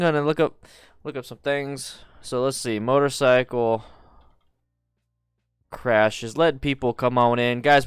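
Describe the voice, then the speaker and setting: A man's voice: medium pitch, clean tone, no room sound, clean studio sound. A tired, just-woken man hosting a casual live stream about motorcycles, chatting loosely, greeting viewers and humming to himself. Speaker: motorcycle channel host.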